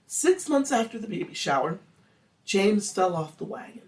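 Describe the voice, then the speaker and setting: A podcast host telling a true-crime story in a casual, animated, crude way. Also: medium pitch, normal speed, far from the mic. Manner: animated, crude, acts out quotes.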